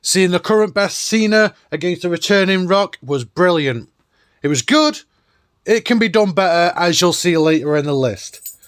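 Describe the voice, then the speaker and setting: Hosting a nostalgic countdown video, a man talks with chatty enthusiasm at a moderate pace. His clear, smooth voice sits a little high. The sound is dry and close-miked, with no room sound.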